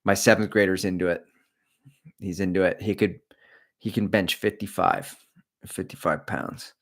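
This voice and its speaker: A man's voice: low-pitched, steady tone, normal speed, a bit bright. A middle-aged man hosting a running livestream, chatting candidly and joking as he rambles between topics. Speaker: running channel host. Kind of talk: casual livestream chat.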